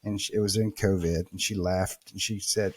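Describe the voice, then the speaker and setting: Low-voiced man telling a story casually. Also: moderate pace, breathy edge. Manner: animated, swearing, acts out quotes. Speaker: podcast guest, real estate investor.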